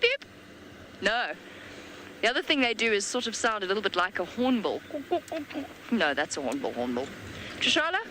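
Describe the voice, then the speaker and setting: A woman's voice: a little high, pushed and bright, slight background noise. A woman presenting a live safari broadcast in a playful, teasing chat style.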